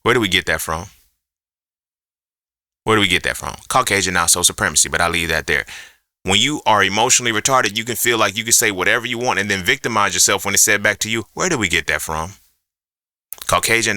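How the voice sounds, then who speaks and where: Forceful low-voiced man ranting. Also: quick pace, no room sound, clean studio sound. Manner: profane, emphatic ranting with rhetorical questions. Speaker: podcast host. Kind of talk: unscripted solo monologue.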